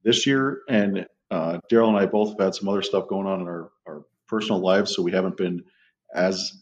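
A man's voice: sits low, steady tone, fairly quick, slight background noise. A middle-aged man, a dog trainer, chatting as a podcast guest, rambling through stories and swearing casually. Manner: rambling storyteller, casual profanity. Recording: muffled lo-fi audio.

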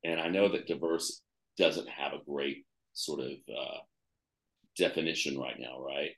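A man's voice: rumbling low, a little slow, gravelly, fairly bright tone, echoey room. A man being interviewed as a guest author, talking conversationally and listing examples with fillers.

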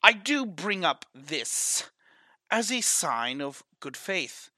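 A man's voice: fairly high pitch, big pitch swings, slow, sharp tone, dry recording, voice pushed up, heavily acted. A man voicing a bold, scheming smuggler who talks in a flowery, persuasive way. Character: smooth-talking male smuggler, bold and scheming.

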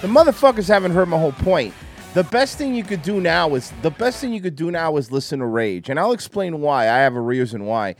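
A man's voice: on the high side, expressive, fairly quick, faint music behind. A man hosting a livestream, ranting casually in a profane, sarcastic and mocking way. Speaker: livestream host. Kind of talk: casual commentary rant.

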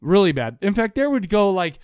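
Rambling, profane podcast host. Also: male voice, sits high, big pitch swings, a little fast, clean tone, dry recording, clean studio sound. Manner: rambling, profane, laughs a lot. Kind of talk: casual chat.

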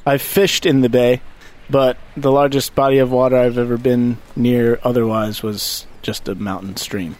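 A man's voice: mid-range voice, level tone, normal speed, a little mellow. A man playing a tabletop game, describing his character's actions in a playful, self-mocking way with bursts of laughter. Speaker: player. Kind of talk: casual tabletop game play.

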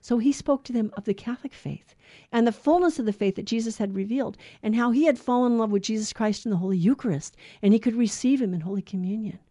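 A woman's voice: on the high side, quick pace, dark tone, dry recording, studio quality. A middle-aged woman co-hosting a Catholic radio Bible study, talking in an earnest, conversational way with frequent restarts.

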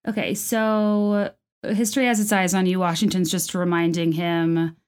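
This woman's voice sits on the low side, with a darkish, clean tone and a flat delivery at normal speed. She's a video creator at home talking casually about a musical, eager and chatty, often using fillers and restarting her sentences.

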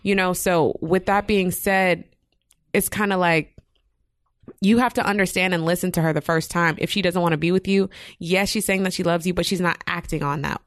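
A woman's voice: fairly low pitch, fairly even intonation, normal speed, no echo, clean studio sound. A woman co-hosting an advice podcast, talking earnestly and rambling with fillers. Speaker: podcast co-host. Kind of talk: casual advice chat.

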